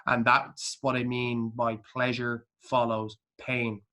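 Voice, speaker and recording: A man's voice: mid-range voice, flat delivery, takes it slowly, bright, forceful tone. An Irish man co-hosting a casual podcast chat, talking bluntly and intensely with heavy swearing. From Ireland. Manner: intense, motivational. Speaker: podcast co-host.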